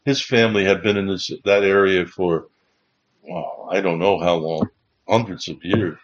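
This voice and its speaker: A man hosting a Bible livestream as a chaplain, telling rambling stories with many restarts. His voice sits low and comes out husky. The audio is dull and lo-fi. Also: fairly even intonation, normal speed. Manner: rambling, restarts, chuckling as he recalls. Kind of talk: casual anecdotal storytelling.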